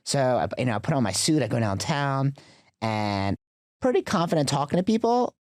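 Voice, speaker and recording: Speaking at a medium pitch and moderate pace, this man is a podcast guest telling a story casually, with lots of fillers and animated retelling. The studio-quality recording has no room sound.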